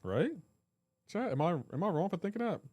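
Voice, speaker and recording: A man's voice: sits high, big pitch swings, a little fast, darkish tone, dry recording. A man hosting a live game stream, chatting casually and joking while reading and answering chat messages. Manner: joking, reads chat aloud.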